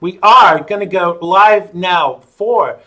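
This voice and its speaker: A man's voice: high voice, takes it slowly, pushed and bright. A man hosting a live-streamed talk show, chatting in a playful, jokey way as he sets up the broadcast. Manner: playful, jokey, self-amused.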